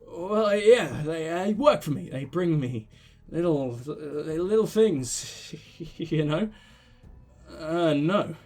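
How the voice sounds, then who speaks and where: A man's voice: high-pitched, a bit bright, exaggerated voice. A man putting on a surly, swearing dealer. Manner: brash, swearing, chuckling. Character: sleazy male drug-dealer fence, surly and defensive.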